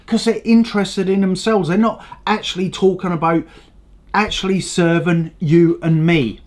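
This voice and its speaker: A blunt, profane man hosting his own channel, ranting in a casual, unscripted way. His delivery swings between sudden loud outbursts and low, grumbling mutters, with lots of restarts and swearing. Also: normal speed. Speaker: channel host.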